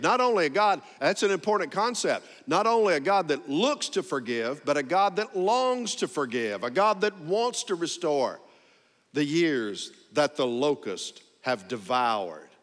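Pastor Man preaching a sermon, slightly high voice, emphatic and drawn out, asks the congregation for amens, long church reverb. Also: fairly bright tone. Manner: calls for congregation responses. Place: church sanctuary.

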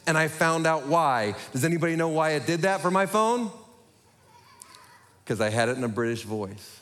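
A man preaching a sermon to his congregation, talking quickly with self-deprecating humor. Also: fairly high pitch, expressive. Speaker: pastor. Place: church sanctuary. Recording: echoey hall.

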